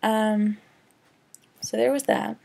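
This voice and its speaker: A woman's voice: on the high side, steady tone, slow pace, gravelly, dark tone. A young woman vlogging a casual, rambling movie rant, sarcastic and full of "like". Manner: sarcastic, rambling, heavy use of "like".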